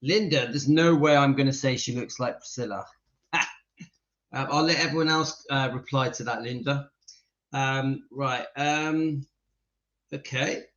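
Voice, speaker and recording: This man hosts a casual live stream, greeting viewers by name and chatting with them in a warm, sentimental way. His voice is medium-pitched and fairly bright, his pace measured. The audio is dull and lo-fi, with faint music in the background.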